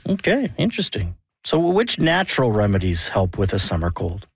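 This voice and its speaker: A man's voice: fairly low pitch, wildly swooping pitch, normal speed, slightly rough, dry recording, studio quality. Man hosting a radio interview. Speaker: radio host.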